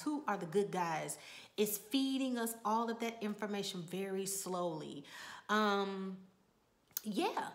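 A woman's voice: medium pitch, reverberant. A woman with a Texan accent talking casually to her viewers about a TV show, chatty and earnest, often repeating words as she thinks. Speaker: YouTube TV reviewer. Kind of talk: casual talk to camera.

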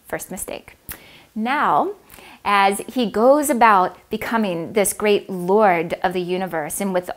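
A woman telling an old myth aloud, with expressive, dramatic emphasis on key moments. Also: medium pitch. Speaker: storyteller. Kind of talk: oral myth storytelling.

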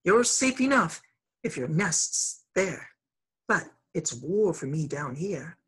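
Woman reader doing a brave, bossy young mongoose, low husky tone, storybook. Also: big pitch swings, takes it slowly, heavily acted. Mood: urgent. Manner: impatient, commanding. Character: brave, sharp-tongued young male mongoose.

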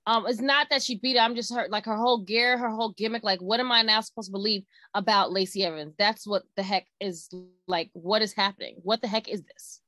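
A woman co-hosting a casual wrestling chat, talking fast with many fillers. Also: medium pitch, fairly even intonation, sharp tone, dry recording. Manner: chatty, full of "like" fillers, confused and emphatic. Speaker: wrestling show co-host.

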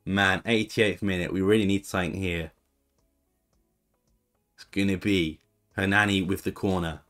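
A man's voice: low voice, fairly even intonation, normal speed, fairly bright tone, soft background music. A young man chatting casually as he comments on his own football management game, reacting to each move as it plays. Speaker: gaming YouTuber.

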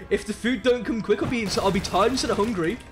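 A young man from Birmingham with a Birmingham accent, chatting excitably and in slang while streaming a game. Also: sits high. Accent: Birmingham English. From Birmingham, England. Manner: excitable, slangy, many hums of agreement. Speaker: live streamer. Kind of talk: casual gaming stream chat.

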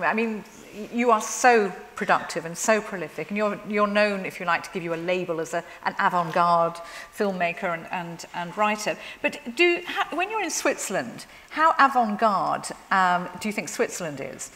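A woman hosting a live event, introducing and interviewing a guest writer in a lively, chatty way. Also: medium pitch, moderate pace, few pauses. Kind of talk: onstage interview. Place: large hall at a live event. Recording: hall reverb from a live stage.

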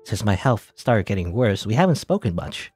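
A man reading the lines of a polite, tired young girl in a game, quietly and subdued. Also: on the low side, very animated, moderate pace, husky, no room sound.

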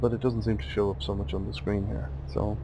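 A man's voice: fairly low pitch, level tone, brisk, noisy background. A man, hosting a let's play with chatty, wry asides while he drives. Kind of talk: casual gameplay commentary.

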